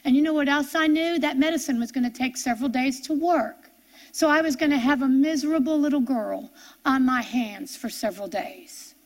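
A middle-aged woman preacher gives an earnest testimony in her sermon, telling her story with halting restarts before building into impassioned preaching. Her voice sits high.

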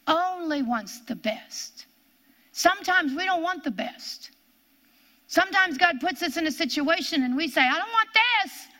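An older woman giving a sermon, earnest and repetitive, sometimes dropping into hushed whispers for emphasis. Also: extremely high pitch, expressive, unhurried. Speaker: Bible teacher.

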